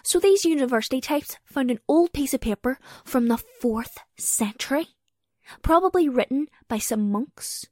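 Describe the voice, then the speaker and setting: A woman's voice: high voice, animated, normal speed, a little mellow. A woman podcast host performing a comedy sketch as a tour guide, theatrical and mock-indignant.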